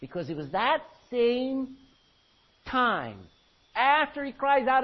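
Preacher guy calling out amens, up and down loud and soft, muffled old tape sound. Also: very high voice, huge pitch swings, unhurried, pauses often. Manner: emphatic, swinging from loud to quiet; folksy, calls for amens. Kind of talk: sermon. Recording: dull lo-fi recording.

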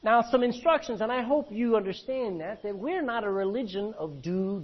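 A man pastor preaching a sermon, reading old-fashioned scripture aloud and swinging between loud emphasis and low, quiet lines. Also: animated, moderate pace, hardly any pauses, breathy edge. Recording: dull lo-fi recording.

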